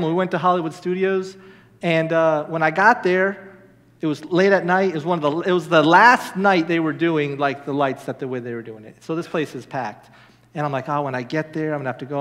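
A man in his thirties preaches from the pulpit, telling stories and jumping into excited high bursts. His voice sits high, and the sound hangs in a long church-hall reverb. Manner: lively storytelling with sudden high bursts of excitement. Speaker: minister. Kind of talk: sermon.

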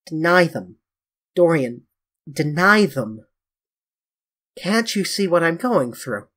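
A reader voicing a grave, earnest male painter who pleads and reproaches his young friend, with a husky tone. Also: fairly high pitch, big pitch swings, slow pace, fairly bright tone, heavily acted. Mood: pleading.

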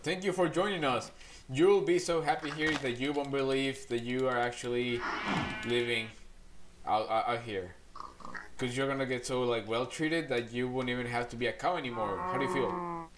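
A man's voice: medium pitch, moderate pace, background noise. A man giving casual gameplay commentary as a channel host, rambling playfully and coaxing animals along.

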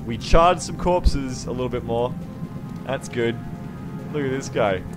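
A man streaming a strategy game, commentating sarcastically and jumping to excited yelps. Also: mid-range voice, unhurried. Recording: game stream with music behind.

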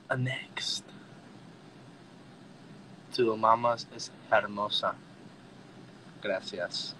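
Slow-talking excitable young man. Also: mid-range voice, a little hiss or hum, poor audio. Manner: excitable, bursts into squeals and laughter. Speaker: livestream host talking with fans. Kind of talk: casual livestream chat. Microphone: phone.

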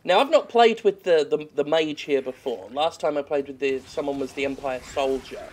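A man giving sweary, joking let's-play commentary while he plays a game, with excitable outbursts. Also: fairly high pitch, normal speed. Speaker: games critic playing a game.

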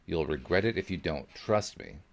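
A man reading the part of an older woman, a gentle, wise grandmother who calmly reassures a boy. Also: low-pitched, moderate pace, gravelly, exaggerated voice. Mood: urging. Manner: calm, patient, reassuring.

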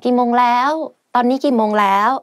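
A woman's voice: a little high, steady tone, racing, no room sound. A young woman teaching everyday phrases in a casual, chatty way, full of fillers and small laughs. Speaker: language teacher. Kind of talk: casual spoken language lesson.

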